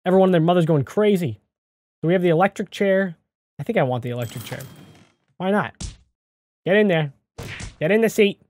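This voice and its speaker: Guy doing lets-play commentary, super animated voice swinging all over, yelps and shouts when stuff happens, desk mic. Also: a little high, no echo. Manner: excitable, yelps and shouts at surprises. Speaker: gaming channel host. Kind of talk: let's-play game commentary. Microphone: desk microphone.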